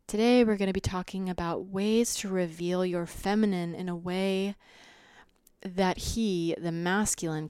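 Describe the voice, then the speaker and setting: A young adult woman hosting a solo podcast, talking slowly and steadily, at times sinking into soft half-whispers. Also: fairly low pitch, smooth, no room sound, clean studio sound. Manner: slow, grounded, drifting into soft half-whispers. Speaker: podcast host. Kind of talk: reflective solo podcast talk.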